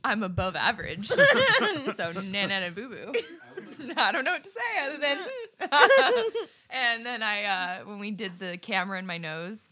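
A woman co-hosting a podcast, telling a story in casual chat, animated and laughing often, swearing and acting out what people said. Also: medium pitch, a little slow. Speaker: podcast co-host.

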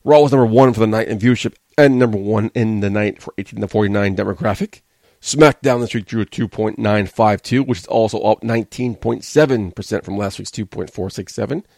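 A man's voice: lowish voice, a little fast, vocal fry, darkish tone, no echo, clean studio sound. A man hosting a wrestling podcast, giving a blunt, sarcastic, casual review and swearing freely.

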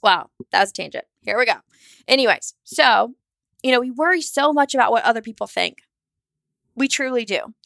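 A woman hosting a solo podcast, talking fast and fired up, candid and casual, with some swearing. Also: fairly high pitch, animated, creaky, fairly bright tone, no echo, studio quality. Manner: acts out her own anxious inner voice. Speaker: podcast host.

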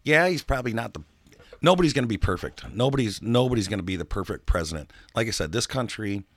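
A man's voice: fairly low pitch, lively intonation, fast, no echo. A man in casual political chat, rambling and emphatic, swearing freely.

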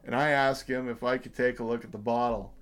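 30s guy hosting his podcast, rambly, lots of um and uh, swears a bit, average pitch. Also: steady tone, brisk, a bit bright. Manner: rambling, profane, many fillers. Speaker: podcast host. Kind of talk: casual chat.

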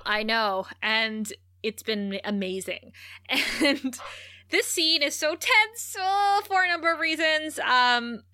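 A woman co-hosting a casual podcast, recapping a TV episode in an animated way and acting out the characters' lines. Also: sits high, slow, no room sound, studio quality. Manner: animated retelling, acting out quoted lines, frequent laughs.

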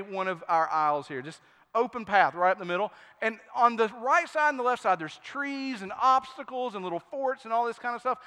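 A man pastor preaching a sermon, telling stories with lively acted-out quotes. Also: high voice, clear, resonant tone, big-room sound. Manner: storytelling, animated, acts out quotes. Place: church sanctuary.

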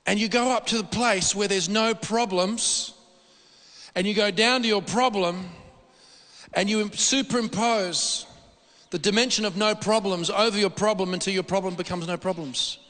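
A man preaching a sermon in a church hall, animated and repetitive, often restarting his sentences. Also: sits high, moderate pace. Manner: animated, repetitive, excitable delivery with frequent restarts. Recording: long reverb of a hall.

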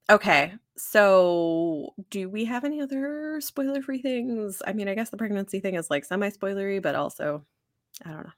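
A young woman with a bright voice at a middle pitch talks easily with her co-host, padding her thoughts with fillers. The sound is close and dry, with no room echo. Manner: easygoing, many fillers, quick backchannels. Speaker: podcast co-host. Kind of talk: casual book discussion chat.

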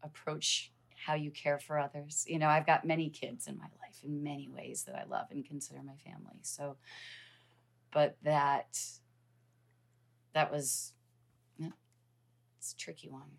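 A woman in her fifties telling a personal story in conversation, earnest and halting, with frequent restarts. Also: sits low, little pitch movement, creaky. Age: 50s. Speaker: guest.

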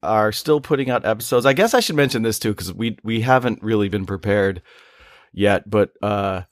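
A man's voice: lowish voice, moderate pace, dry recording, studio quality. A man co-hosting a casual comedy podcast, loose and jokey, laughing often. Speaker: podcast co-host.

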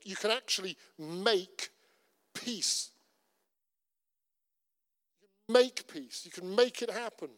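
A man's voice: sits high, slow pace, long pauses, fairly bright tone. A middle-aged man with a Cornish accent, a pastor preaching a sermon in an earnest, conversational way with lots of repetition. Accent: Cornish English. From Cornwall. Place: church. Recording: long reverb of a church hall.

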